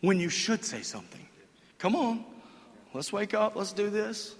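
Male pastor, sermon, high-pitched, dramatic hushes and shouts, echoey hall. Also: a little slow. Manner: emphatic, animated, acts out quotes, shifts between hushed and shouted.

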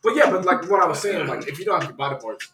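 A young man in casual podcast chat, excitable, swearing often and laughing loudly. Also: on the high side, racing. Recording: echoey room with faint music.

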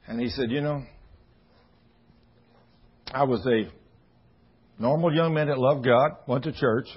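A man's voice: medium pitch, breathy edge, muffled recording. A man preaching a folksy sermon, telling stories and acting out the dialogue in shifting voices. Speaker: pastor.

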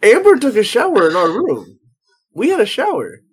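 A husky man co-hosts a loose podcast chat. He teases the guest and laughs often, with lively ups and downs in pitch. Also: normal speed. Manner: laughs often, teasing interjections. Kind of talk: casual chat.

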